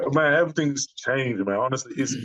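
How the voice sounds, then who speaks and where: A man's voice: medium pitch, moderate pace, dry recording, low-quality recording. A man being interviewed as a guest, speaking casually and telling stories with many restarts. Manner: animated storytelling, many restarts. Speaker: bodybuilder guest.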